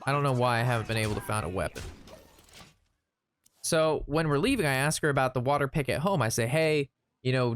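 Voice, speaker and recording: A man chatting casually while playing a card game, retelling an anecdote in an animated, rambling way. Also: mid-range voice, slight background noise. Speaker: gaming streamer. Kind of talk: casual gameplay commentary with storytelling.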